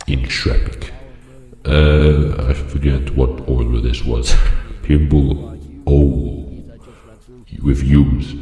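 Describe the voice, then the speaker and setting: A man giving mock-serious, rambling commentary as he ranks other creators, deadpan and full of fillers. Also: a bass voice. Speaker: channel host ranking other creators. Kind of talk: joking tier-list commentary. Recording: echoey room with long reverb, faint music.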